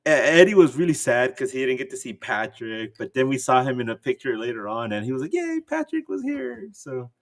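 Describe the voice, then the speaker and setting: A man co-hosting a podcast, telling match-day stories in casual chat and acting out other people's lines in a high voice. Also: a little fast, hardly any pauses. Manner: animated storyteller, acts out quotes in a high voice. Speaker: podcast co-host.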